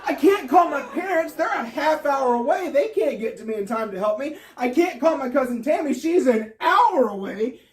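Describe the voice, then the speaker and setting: High-voiced animated man. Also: normal speed, far from the mic. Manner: animated, breaks into high yelps and laughter. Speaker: stand-up comedian. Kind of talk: storytelling stand-up.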